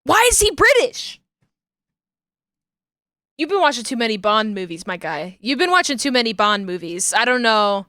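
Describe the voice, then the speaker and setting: A woman's voice: a little high, very animated, moderate pace, pauses often, bright, forceful tone, no echo, clean studio sound. A woman streaming live, chatting casually and playfully with her viewers and giggling while she works. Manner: playful and giggly, talks to chat while working.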